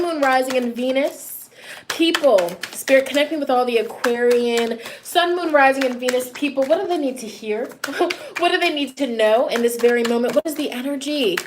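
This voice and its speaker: A woman's voice: high-pitched, normal speed, background noise. A woman doing a live tarot reading, playful and goofy, chatting loosely with lots of "you know" fillers. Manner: playful, goofy, with laughs and exclamations. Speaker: tarot reader.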